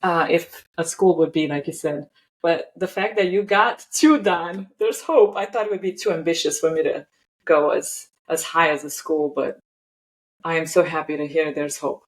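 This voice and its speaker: A woman's voice: sits low, moderate pace, low-quality recording. A woman hosting a podcast interview, effusive and enthusiastic, often restarting her sentences. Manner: effusive, stumbles over words. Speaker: podcast host. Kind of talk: casual interview chat.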